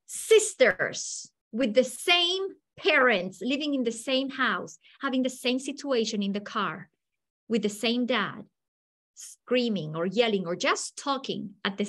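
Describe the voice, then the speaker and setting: A woman's voice: on the high side, a bit bright. A woman who gives a storytelling lecture to teachers and acts out the people in her stories. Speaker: teacher trainer.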